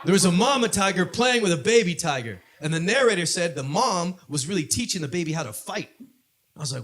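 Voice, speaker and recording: A man from Southern California doing a stand-up comedy set on a club stage, punchy delivery that builds to shouted punchlines. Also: high voice, lively intonation, a little fast.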